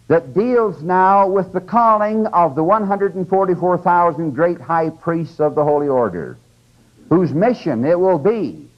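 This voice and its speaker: A man giving a conversational, emphatic scripture lecture to a class, often checking in with his listeners. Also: fairly high pitch. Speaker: religious lecturer. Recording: dull lo-fi 1980s lecture tape.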